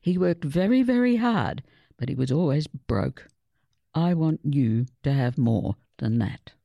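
A woman's voice: low-pitched, lively intonation, measured pace, vocal fry, no room sound, muffled recording, heavily acted. A woman voicing a kind, practical father who speaks reassuringly. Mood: kindly. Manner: kindly and reassuring.

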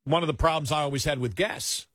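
Blunt husky-voiced male talk host. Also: fairly high pitch, fairly bright tone, no echo. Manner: blunt, emphatic, halting with fillers. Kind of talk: casual political talk.

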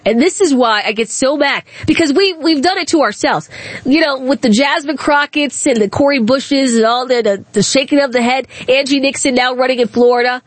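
A woman's voice: sits high, brisk, dry recording. Fired-up female talk radio host. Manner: blunt and indignant, with restarts. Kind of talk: opinionated call-in talk.

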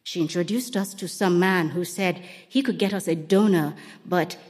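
A woman reading a novel aloud in a measured, dramatic storytelling manner. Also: lowish voice, darkish tone, long reverb tail. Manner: measured, dramatic storytelling, voicing characters lightly. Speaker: narrator. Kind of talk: scripted audiobook narration.

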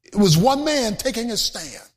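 A man preaching a sermon, emphatic and often shouting, rising into a sing-song chant, with colloquial joking asides to the congregation. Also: very high voice, sing-song, moderate pace.

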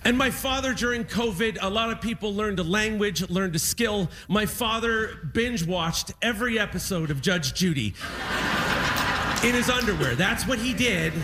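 A man doing stand-up, his voice pitched high as he rolls through an animated story. He slips into quotes and acts them out. Heavy crowd noise runs behind him on a live stage. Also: normal speed. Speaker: stand-up comedian. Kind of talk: stand-up comedy.

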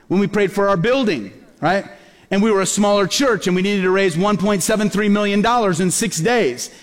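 A male pastor with a notably high voice delivers a sermon in an animated, storytelling way. He acts out the dialogue as he goes, and his voice rings with the long reverb of a large hall. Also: moderate pace.

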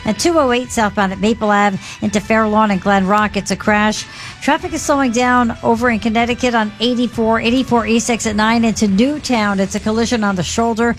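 A woman delivering a radio traffic report, briskly listing roads and delays in a crisp, rapid, scripted delivery. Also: a little high, fairly even intonation. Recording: faint music bed under the voice.

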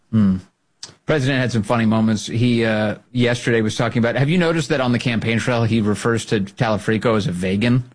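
Podcast host dude, husky voice, sarcastic, keeps jumping way up high for emphasis. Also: male voice, brisk. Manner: mocking, animated, jumps into a high voice for emphasis. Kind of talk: casual political commentary.

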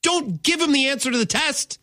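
A man's voice: very high voice, fairly quick, pushed and bright, dry recording. A man hosting a sports talk radio show, ranting emphatically with mock exasperation. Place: radio studio.

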